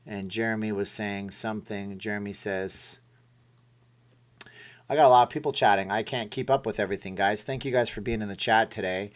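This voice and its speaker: A man's voice: lowish voice, a little fast. A middle-aged man from Canada hosting a casual live stream, reading and answering chat in a rambling way and often correcting himself.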